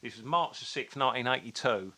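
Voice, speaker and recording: A man co-hosting a podcast, telling stories and trivia in animated casual chat. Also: medium pitch, fast talker. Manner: animated storyteller, fond of teasing trivia. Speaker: podcast co-host.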